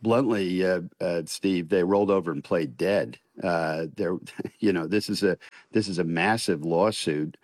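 An older man with a very deep voice speaks as a radio interview guest. He weighs each phrase and pauses often. The sound is dry and close, with no room around it. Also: darkish tone, no room sound. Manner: measured and deliberate, frequent "uh" pauses. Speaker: retired federal judge, interview guest.

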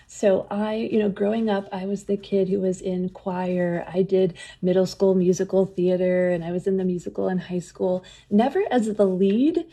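A woman's voice: mid-range voice, steady tone, normal speed, hardly any pauses, mellow. A woman telling enthusiastic stories as an interview guest, often laughing as she talks. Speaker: museum program leader and guest. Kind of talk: conversational interview storytelling.

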